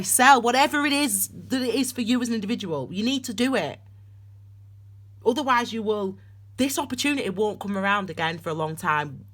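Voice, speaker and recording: A woman's voice: mid-range voice, lively intonation, brisk, a bit bright. Impassioned woman giving a tarot reading. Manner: impassioned, emphatic, preachy pep talk. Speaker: tarot reader. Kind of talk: solo tarot reading to camera.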